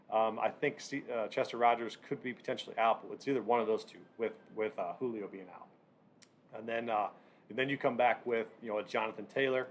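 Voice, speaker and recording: Man, casual picks rundown, halting, filler-heavy, mid pitch, faint low rumble. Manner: halting, many fillers and restarts. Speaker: sports betting channel host. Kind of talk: casual fantasy football picks breakdown.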